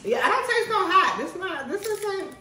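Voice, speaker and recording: Bright, high-voiced mom in echoey room. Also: female voice, normal speed, recorded from a distance. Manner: lively, loud, coaxing the kids. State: mouth burning from spicy food. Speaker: mother hosting a family video. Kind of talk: casual family food challenge.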